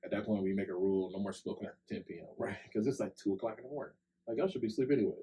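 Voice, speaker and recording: A man's voice: lowish voice, rapid-fire, dark tone, lo-fi sound. A young man telling a long personal story on a podcast, in a loose conversational way full of "like" and "right?". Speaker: podcast co-host. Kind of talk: casual storytelling chat. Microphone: podcast microphone.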